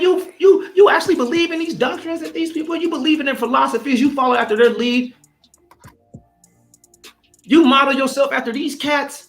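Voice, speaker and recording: A man preaches in a fiery, combative rant, swearing freely and mocking those who oppose him. His pitch jumps around in lively swings as he drives his points home, his voice ringing in an echoey room with faint music in the background.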